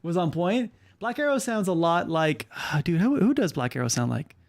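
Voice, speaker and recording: A man's voice: on the high side, sing-song, normal speed, creaky. A man hosting and casting a game tournament stream, talking in a rambling, joking way with plenty of fillers. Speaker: host and caster. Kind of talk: casual esports shoutcasting stream.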